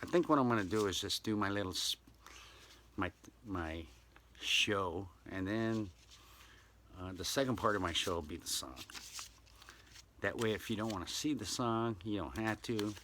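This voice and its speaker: A man's voice: on the low side, normal speed, long pauses, a bit bright, a little hiss or hum. A man hosting his own talk show, rambling and exclaiming often as he talks. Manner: rambling, exclaims often, slips into silly voices. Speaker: show host. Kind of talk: casual solo talk show monologue.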